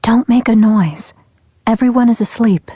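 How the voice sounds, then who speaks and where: A woman's voice: a little high, a little slow, mellow, breathy edge, dry recording, clean studio sound. A woman voicing a speaker in coursebook audio dialogues, reading short lines with feeling.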